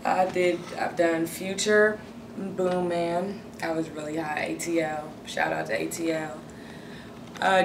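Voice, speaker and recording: A woman answering interview questions in a plain, matter-of-fact way. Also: lowish voice. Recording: echoey, distant, noisy room.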